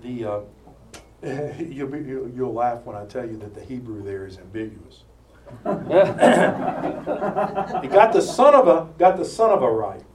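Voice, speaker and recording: Lively preacher in a roomy hall. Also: male voice, mid-range voice, unhurried, long pauses, noisy background. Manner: animated storytelling with asides and jokes. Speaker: preacher teaching a Bible study. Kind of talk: sermon. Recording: roomy sound from far off with faint ambience.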